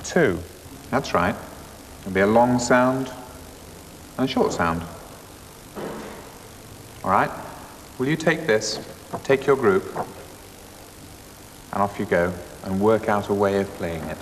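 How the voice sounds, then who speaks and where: A man presenting a classroom music lesson to primary school children, asking brisk, encouraging questions. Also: lowish voice, animated. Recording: 1980s schools TV, reverberant school hall, faint hiss.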